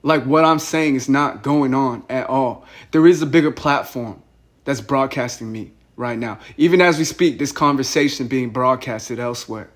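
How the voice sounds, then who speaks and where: A man's voice: medium pitch, moderate pace. A young man on a phone call, agitated and rambling, who often repeats himself. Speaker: caller.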